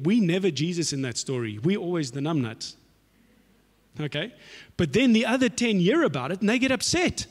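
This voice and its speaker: A man preaching a sermon in an animated, slangy, conversational style. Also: a little high. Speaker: pastor. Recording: echoey hall reverb.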